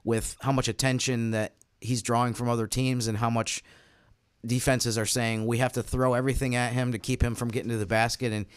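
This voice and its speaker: Male co-host, smooth clear tone, dry close sound, earnest. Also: medium pitch, flat delivery, brisk, dry recording. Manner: earnest, thoughtful, some restarts. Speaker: podcast co-host. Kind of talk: casual podcast chat.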